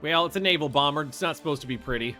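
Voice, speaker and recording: A chatty man narrating his strategy game as he plays, thinking aloud and getting excited easily. His voice is bright and a touch high. Soft music runs quietly behind him. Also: rapid-fire. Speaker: video game streamer. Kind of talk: casual let's-play commentary.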